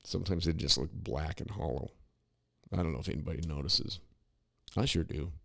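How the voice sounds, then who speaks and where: A man's voice: extremely low pitch, a little fast, gravelly, a bit bright, no room sound, clean studio sound. A man co-hosting a podcast, talking in a rambling, opinionated way with many restarts and asides. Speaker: podcast co-host. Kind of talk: casual political commentary.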